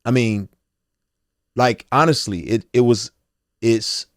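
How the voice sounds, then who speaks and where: A man's voice: mid-range voice, slow pace, dry recording, studio quality. A man in his forties, a guest telling his life story candidly and acting out the voices of others. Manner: animated storyteller, acts out quotes.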